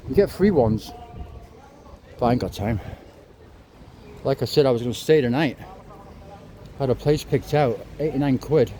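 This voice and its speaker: A man's voice: medium pitch, moderate pace, pauses often, warm tone. Breathless rambling man in his fifties on city streets. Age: 50s. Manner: chatty, rambling, swears and apologizes. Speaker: travel vlogger. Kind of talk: casual walking vlog. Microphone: clip-on mic to phone. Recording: outdoor street noise.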